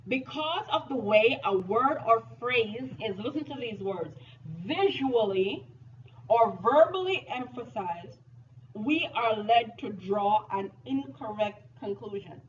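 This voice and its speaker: A woman teaching a live class on logic, playful and animated, speaking to her students. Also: fairly high pitch, takes it slowly. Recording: distant mic, dull sound, faint noise.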